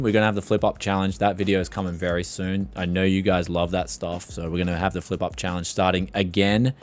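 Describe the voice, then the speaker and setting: A man with a strained voice, hosting a tech livestream in rambling casual chat and reading out questions from viewers. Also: lowish voice. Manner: rambling, animated, reads chat questions aloud. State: strained voice from yelling.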